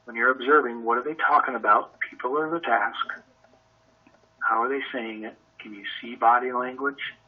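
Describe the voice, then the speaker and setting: A man's voice: medium pitch, fairly even intonation, normal speed, phone-quality sound. A man leading a sales training session over a conference call, talking energetically and conversationally and asking lots of rhetorical questions.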